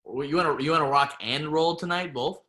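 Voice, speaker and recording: Man, fast pace, bright tone, jokey, casual live-stream chat. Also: fairly high pitch. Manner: jokey, quick banter. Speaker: co-host.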